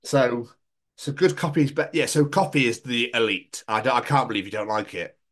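A man's voice: mid-range voice, fairly quick, fairly bright tone. A young man from England co-hosting a podcast in casual, sweary, rambling chat, often laughing and slipping into mock voices. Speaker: podcast co-host.

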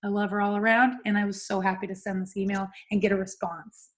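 A woman's voice: mid-range voice, level tone, fast talker. Chatty young woman podcast host. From California. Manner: chatty, laughing, swearing casually. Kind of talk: casual chat.

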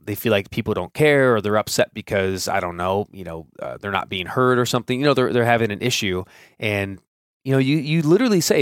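A man's voice: mid-range voice, dry recording, studio quality. A man in his thirties hosting a solo podcast, talking casually and thinking aloud with fillers and restarts. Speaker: podcast host.

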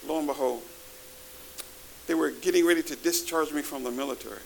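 A man preaching a sermon to a live congregation, animated, calling out to the audience and rising to shouts. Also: on the high side, brisk, creaky, slight background noise, poor audio. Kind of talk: sermon with testimony. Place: church before a live congregation.

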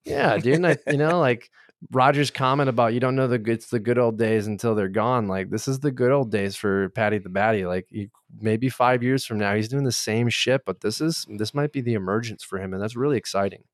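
A man's voice: mid-range voice, fairly quick, no echo, studio quality. A young man co-hosting a podcast, giving blunt, opinionated takes in casual sports chat and swearing freely. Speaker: podcast co-host.

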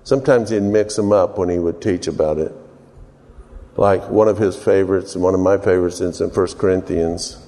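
A man preaching an informal sermon, rambling and unhurried with many fillers, his voice ringing with long hall reverb. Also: low voice, fairly even intonation, warm tone.

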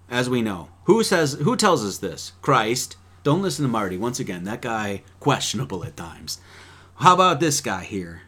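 Fiery, profane preacher man. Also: mid-range voice. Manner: fiery, swearing, rapid shifts between loud and quiet. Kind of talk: profane sermon-style talk.

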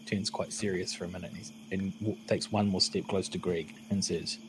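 A man speaks in character in a tabletop game, smooth and persuasive. His intonation is lively, with a faint hum of ambience behind him. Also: low voice, fairly quick, few pauses, rough recording. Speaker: player.

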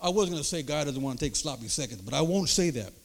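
An older man preaching a sermon, emphatic, checking in with the crowd through quick rhetorical asides. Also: fairly high pitch, expressive, creaky. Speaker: pastor.

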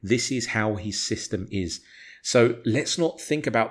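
A man's voice: mid-range voice, very animated, moderate pace, slightly rough. A man co-hosting a football podcast, talking with passion, arguing his point hard and swearing freely. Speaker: podcast co-host. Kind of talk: casual football podcast chat.

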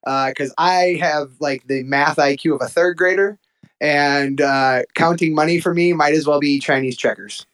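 A man who promotes wrestling shows, calling in as a guest on a podcast. He talks in an upbeat, energetic way, jokes about himself and is a little out of breath. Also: on the high side, normal speed, smooth, low-quality recording. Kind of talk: phone-in interview. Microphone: phone call-in.

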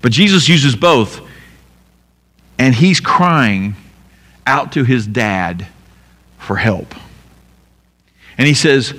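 A pastor giving an emphatic sermon, asking rhetorical questions and repeating key lines. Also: male voice, mid-range voice, very animated, slow, long pauses, fairly bright tone, long reverb tail.

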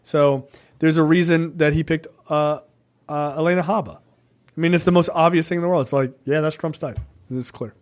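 Speaking at a moderate pace in a somewhat high voice, a male podcast co-host chats about politics. He's animated and swears freely, wandering through his points and tossing in "right?" again and again.

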